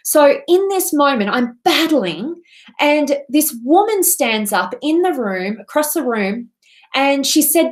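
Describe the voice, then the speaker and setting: Woman coach giving a heartfelt pep talk, kinda high voice, really earnest. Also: animated, takes it slowly. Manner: earnest and impassioned, emphatic. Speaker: transformational coach and speaker. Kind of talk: motivational talk to camera.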